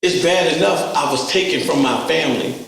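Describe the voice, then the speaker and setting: A middle-aged man tells profane stories with lively energy, and his voice sits a little high with a gravelly edge. The recording comes from an echoey room, with the mic set back from him. A faint hiss runs underneath. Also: brisk, recorded from a distance. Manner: animated, profane street storytelling, acts out voices. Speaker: interview guest. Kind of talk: casual storytelling interview.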